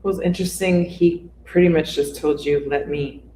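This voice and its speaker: A woman's voice: on the low side, fairly even intonation, brisk, warm tone, a little hiss or hum. A woman coach co-hosting a casual interview chat. She talks conversationally and asks probing questions. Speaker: coach and co-host. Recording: roomy echo.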